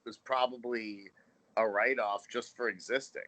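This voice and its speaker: A man's voice: medium pitch, fairly even intonation, a little slow, pushed and bright, poor audio. A man co-hosting a podcast, chatting casually and sarcastically about a sitcom episode, swearing now and then. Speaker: podcast co-host.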